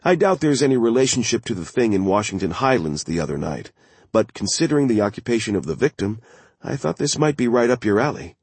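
Audiobook: male narrator as an alert, excited newsman, raised pitch, dry close sound. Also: husky, dry recording, exaggerated voice. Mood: eager. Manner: alert, eager, quick talk. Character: wry, excited male crime reporter.

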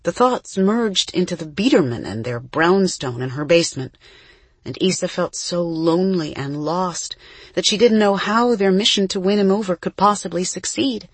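Husky, gentle audiobook narrator. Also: mid-range voice, normal speed, dry recording. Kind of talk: scripted narration of a children's novel.

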